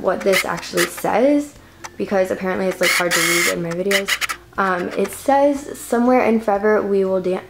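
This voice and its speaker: Teen girl vlogging her bedroom, rambly with lots of ums, a bit breathless, some noise behind. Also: medium pitch. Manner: chatty, rambling with many ums. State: slightly out of breath. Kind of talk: casual room tour. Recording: noticeable background noise.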